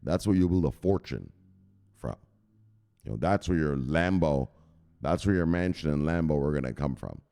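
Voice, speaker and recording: A man hosting a crypto news show as a casual livestream, hyped and profane, shouting out viewers. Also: extremely low pitch, animated, normal speed, vocal fry, long pauses. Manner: talks straight to viewers, gives shout-outs. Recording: echoey room with long reverb.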